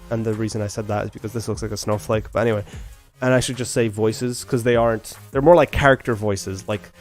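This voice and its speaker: A man streaming a video game live, chatting casually and rambling to his viewers. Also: medium pitch. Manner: rambling, talks straight to chat. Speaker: livestreamer.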